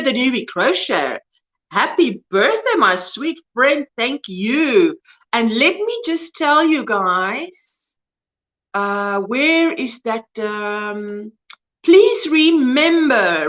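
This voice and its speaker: A woman's voice: medium pitch, a bit bright, muffled recording. A woman in her fifties with a South African accent, hosting a casual crochet livestream from home, chatting with viewers, greeting them by name and laughing often. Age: 50s. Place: at home, indoors.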